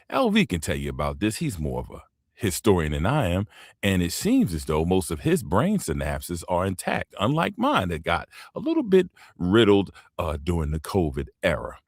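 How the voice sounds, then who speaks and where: A man's voice: wildly swooping pitch, normal speed, dry recording, clean studio sound. A middle-aged man lecturing and teasing his audience in a rambling, profane livestream monologue. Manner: lecturing, rambling, swings in pitch.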